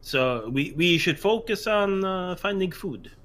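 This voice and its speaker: A man playing a tabletop game, excitable, stumbling over words and swearing. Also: sits high, unhurried. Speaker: player. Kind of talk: casual tabletop game chat.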